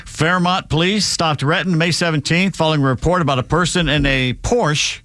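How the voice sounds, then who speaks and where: Sarcastic talk radio host, dry studio. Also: male voice, fairly high pitch, steady tone, normal speed, sharp tone, no room sound. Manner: sarcastic, reads news items with jokes. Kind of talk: talk radio news banter. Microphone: studio microphone.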